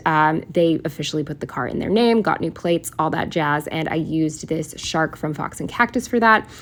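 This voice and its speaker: A woman talking casually as she walks through her planner week, chatty and candid, wandering off on tangents and giving blunt opinions. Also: deep voice. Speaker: planner vlogger. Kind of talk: casual chat, voice-over while decorating a planner.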